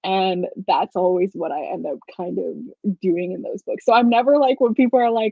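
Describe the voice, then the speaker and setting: A woman's voice: mid-range voice, moderate pace, creaky, few pauses, dark tone, no room sound. A woman author chatting casually about her writing, with many fillers and light laughs. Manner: chatty, lots of "like", laughs while explaining. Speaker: author guest. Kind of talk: casual video-call interview. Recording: dry, dull lo-fi call audio.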